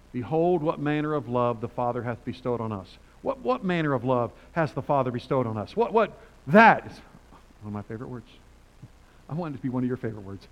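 In a rough recording, an older man with a mid-range voice preaches a sermon, conversational and animated, reading from scripture and acting out quotes.

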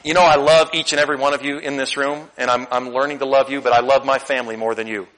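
A middle-aged man preaching a sermon in a church, candid and animated, swinging between loud emphasis and quiet asides. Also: medium pitch, fast talker, poor audio. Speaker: pastor. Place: church sanctuary.

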